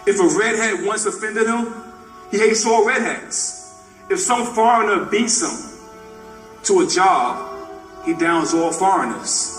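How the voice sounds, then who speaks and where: A man on stage reading a passage aloud in a measured, emphatic, deliberate way. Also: high-pitched, expressive. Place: theater stage at a live tribute event. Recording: echoey theater from a distant mic with faint music.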